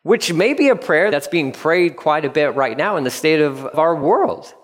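A man's voice: on the high side, normal speed. Male pastor preaching in a reverberant hall. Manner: animated storyteller, repeats key lines for emphasis. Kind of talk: sermon.

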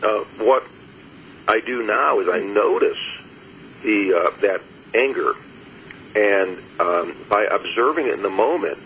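A low-voiced man speaks as an interview guest, reflective and unhurried in his storytelling, breaking into soft laughs between thoughts. The audio is muffled and lo-fi, with a faint hiss behind him. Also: animated. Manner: reflective, storytelling, laughs softly, many fillers. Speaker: guest, therapist. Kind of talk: conversational interview.

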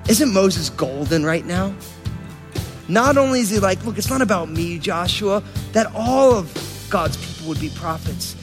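A man's voice: sits high, moderate pace, long reverb tail, soft background music. A man, a pastor, preaching a sermon in a playful, joking way. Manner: jokey, animated preaching with playful voices for quotes.

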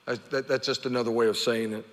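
A male pastor preaching an animated sermon, stammering over repeated words and pausing for effect. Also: mid-range voice. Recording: long hall reverb.

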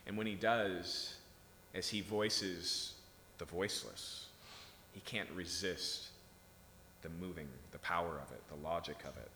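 A man's voice: deep voice, fairly even intonation, unhurried, bright, forceful tone, a little hiss or hum. A man preaching a sermon in a conversational way, often checking in with his listeners. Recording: echoey hall.

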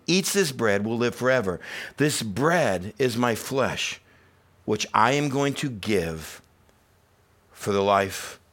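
A man's voice: medium pitch, a bit bright. A man preaching a sermon, building to emphatic repeated phrases and acting out voices in casual asides. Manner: preaches with rising intensity, repetitive emphasis; dramatizes quoted voices in conversational asides. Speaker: pastor.

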